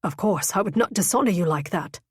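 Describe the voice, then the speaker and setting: A woman doing a hoarse, guilt-ridden young clergyman. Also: fairly low pitch, lively intonation, a little fast, no echo, studio quality. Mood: strained. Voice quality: rough, croaking.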